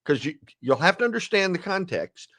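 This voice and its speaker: A man in his sixties, a guest telling a story in a lively, dramatic way and acting out the quotes. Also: high-pitched, a little fast. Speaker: guest, ethics speaker. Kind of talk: animated storytelling.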